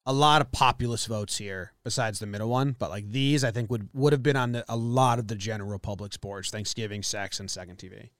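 A man bantering on a podcast, quick and teasing. His voice is clear and smooth. It is recorded close and dry. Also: fairly low pitch, steady tone, fairly bright tone, no room sound. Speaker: podcast co-host. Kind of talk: casual banter.

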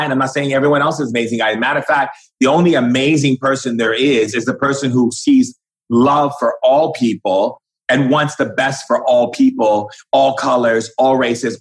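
A man's voice: medium pitch, moderate pace, rough recording. Guy talking like a spiritual teacher, preachy and emphatic, does the voices of people he's quoting. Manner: emphatic, preachy, acts out quoted conversations. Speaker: spiritual guide. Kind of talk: impassioned spiritual commentary.

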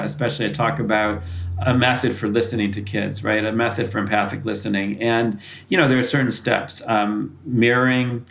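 A man's voice: fairly low pitch, poor audio. Earnest man explaining parenting advice. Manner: earnest, explanatory, frequent restarts. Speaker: author and parenting expert guest. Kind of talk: interview answers.

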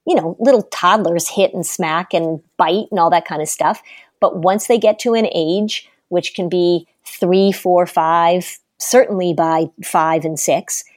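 A middle-aged woman giving parenting advice in a podcast conversation, emphatic and animated as she tells stories. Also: lowish voice, a little slow, no room sound, clean studio sound. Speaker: parenting expert guest.

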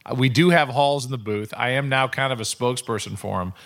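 A middle-aged man hosting a podcast, telling stories in an animated, casual way. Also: medium pitch, a little fast. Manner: animated storytelling, acts out quotes. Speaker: podcast host. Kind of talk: casual chat.

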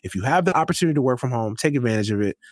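Lively young man, animated slangy talk. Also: mid-range voice, racing, no room sound, clean studio sound. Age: young adult. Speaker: podcast host. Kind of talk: casual sports chat.

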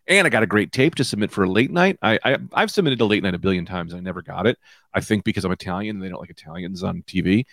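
A man in his thirties hosting his own comedy podcast, high and rambling loosely from one tangent to the next. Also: lively intonation, fast, fairly bright tone, no room sound, studio quality. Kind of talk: casual comedic monologue. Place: small room with lights out.

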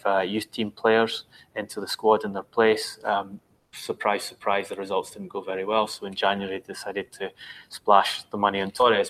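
A man who works as a football journalist, talking through transfer deals in a measured, analytical way with frequent ums. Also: lowish voice, a bit bright, rough recording. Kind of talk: podcast discussion.

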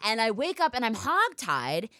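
A young woman telling a wild personal story as host of a casual chat, profane and animated, tossing in asides. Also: fairly high pitch, moderate pace, no echo, clean studio sound.

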